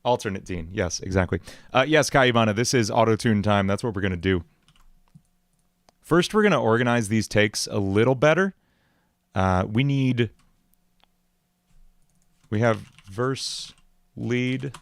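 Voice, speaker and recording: Excitable young man chatting on a stream. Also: fairly low pitch, unhurried, long pauses, no echo. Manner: excitable, rambling, laughs often. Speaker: musician livestream host. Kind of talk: casual livestream chat. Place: home music studio.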